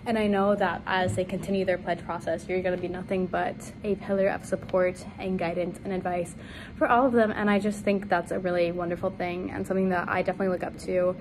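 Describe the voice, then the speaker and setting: A young woman giving an earnest spoken tribute to a fellow member, pausing and searching for words. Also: fairly low pitch, level tone. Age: young adult. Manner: earnest, halting, with fillers. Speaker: fraternity sister announcing an award. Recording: noisy amateur recording.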